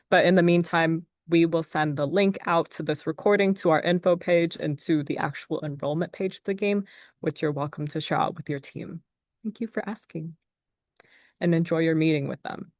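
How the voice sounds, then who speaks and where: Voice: medium pitch, a little mellow, no echo. A moderator hosting a webinar question session in a friendly, organized way.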